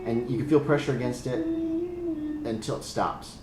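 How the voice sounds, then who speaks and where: A man's voice: fairly high pitch, wildly swooping pitch, measured pace. A man running a tabletop game as game master, hesitant and full of restarts. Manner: hesitant, many ums and restarts. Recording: echoey room with background noise.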